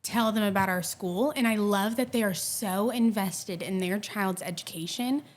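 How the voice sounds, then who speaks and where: A woman who coordinates a preschool curriculum speaks with upbeat enthusiasm in a casual interview. Her voice sits at an everyday middle pitch. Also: normal speed.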